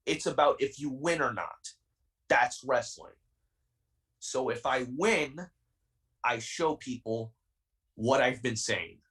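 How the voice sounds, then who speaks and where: A man's voice: medium pitch, takes it slowly, pauses often, fairly bright tone, far from the mic, low-quality recording. Heated young man, a bit off-mic. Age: 20s. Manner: intense, defiant, repeats himself. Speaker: wrestler guest. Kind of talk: heated podcast interview.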